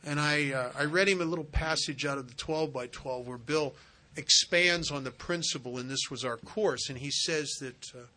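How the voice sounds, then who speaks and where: A man's voice: a little high, normal speed, pushed and bright. A man speaking at a recovery meeting as a sponsor, telling a personal story in an earnest, conversational way.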